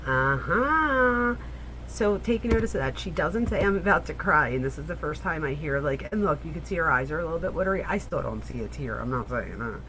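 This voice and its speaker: A woman's voice: deep voice, lively intonation, a little fast, a bit bright, slight background noise, low-quality recording. A woman commentating on a true crime interview, talking straight to her viewers in a chatty, analytical way. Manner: chatty, addresses viewers directly, analytical asides. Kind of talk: casual reaction commentary.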